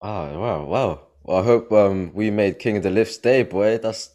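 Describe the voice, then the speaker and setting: A lower-voiced man hosting a podcast. He talks in a laid-back way and laughs easily. He calls his guests bro. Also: unhurried, warm tone. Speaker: podcast host. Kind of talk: casual chat.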